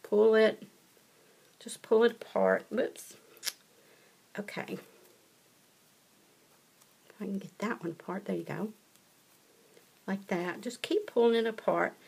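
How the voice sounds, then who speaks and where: Southern woman, craft tutorial host, casual and folksy, encouraging, average pitch. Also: takes it slowly, vocal fry, pauses often, a little mellow, slightly rough.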